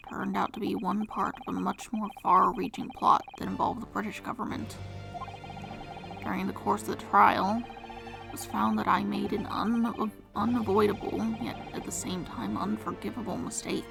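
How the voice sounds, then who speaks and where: A woman voicing a glum, soft-spoken young male defense lawyer, hesitant and mumbling, with vocal fry. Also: medium pitch, poor audio. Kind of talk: reading game dialogue aloud. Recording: game music behind.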